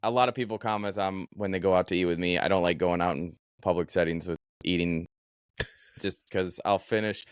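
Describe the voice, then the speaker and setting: A man hosting a podcast, telling a story in an animated, profane, casual way. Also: low voice, brisk, smooth, no room sound, studio quality. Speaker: podcast host.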